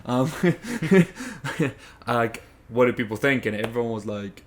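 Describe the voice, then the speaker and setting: A young man from South Africa co-hosts a casual chat. His voice is mid-pitched, with a faint hiss behind it. He is animated, cuts in quickly, and repeats words as he works up to a point. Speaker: podcast co-host.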